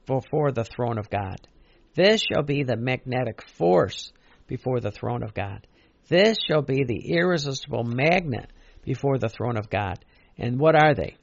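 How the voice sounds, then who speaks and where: A man's voice: medium pitch, gravelly, no room sound, highs cut off. A man preaching a sermon in an earnest, repetitive way, stressing key phrases and often restarting.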